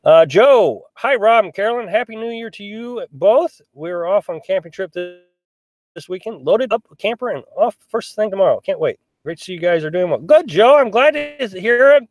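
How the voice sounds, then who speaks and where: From inside a small pop-up camper, a middle-aged live-stream host reads viewer comments and responds casually, talking at normal speed in a high-sitting voice with lively intonation. He's chatty and rambling, with many restarts and fillers. No room sound is audible.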